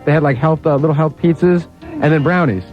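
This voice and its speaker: A man's voice: a little high, fairly quick, faint music behind. A man who produces a radio show, answering defensively when he is teased in casual banter. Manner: defensive, protesting. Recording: dull lo-fi radio broadcast.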